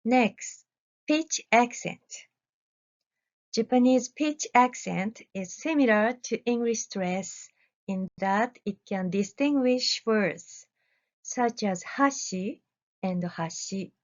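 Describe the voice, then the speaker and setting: A woman researcher giving a recorded academic presentation, reading deliberately with careful pauses. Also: a little high, lo-fi sound.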